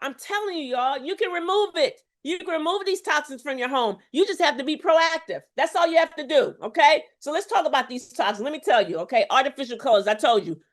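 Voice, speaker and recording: High-voiced, emphatic woman coach. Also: expressive, brisk, hardly any pauses. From Houston, Texas. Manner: emphatic, preacherly, repeats phrases and calls on the audience. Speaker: health coach. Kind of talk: live health challenge talk to viewers.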